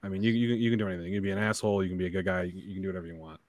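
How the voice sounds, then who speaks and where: A man with a smooth, deep voice chatting casually on a podcast, rambling and swearing freely. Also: level tone, very fast, dull audio. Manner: rambling, profane, laughs loudly. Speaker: podcast co-host. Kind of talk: casual chat.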